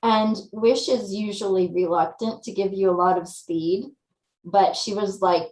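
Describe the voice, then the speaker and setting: A woman from California, a guest telling her story in a lively, casual way and acting out her own thoughts. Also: medium pitch, unhurried, roomy sound, poor audio. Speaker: interview guest.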